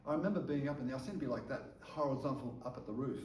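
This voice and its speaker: A man tells his testimony as a sermon, caught up in the tale and tripping over his words as he goes. His voice is soft and warm. He sounds set back from the mic in a reverberant room, with a faint hum of ambience behind him. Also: mid-range voice, very fast, recorded from a distance. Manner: animated storyteller who stumbles and repeats words. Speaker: preacher sharing a testimony. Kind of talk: storytelling sermon.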